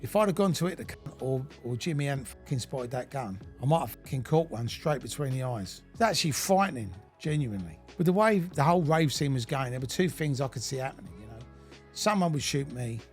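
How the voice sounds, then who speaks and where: A middle-aged man from the United Kingdom reads his own memoir aloud in British English, with soft music in the background. His mid-range voice is expressive and brisk, and his storytelling is blunt and heavily laced with swearing.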